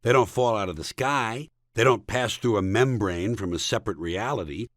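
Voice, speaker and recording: A man's voice: lowish voice, moderate pace, a bit bright, no echo, clean studio sound. A man from the United States reading his own comic book aloud in a sardonic, mocking, punchy way.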